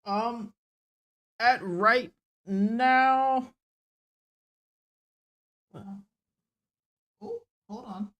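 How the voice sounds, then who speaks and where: A woman's voice: a little high, extremely slow, long pauses, muffled recording. A woman narrating a tabletop game as game master, in a casual, rambling way with fillers and laughs.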